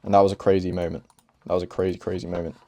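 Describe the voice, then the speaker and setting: Chatty young man, low voice. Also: level tone, racing, mellow. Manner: rambling, laughing, chatty. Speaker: host. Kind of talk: casual chat over gameplay.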